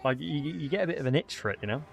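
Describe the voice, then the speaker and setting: A man's voice: a little high, expressive, very fast, vocal fry. Chatty young man streaming games. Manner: chatty, upbeat banter with chat. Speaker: game streamer. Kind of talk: casual live-stream commentary.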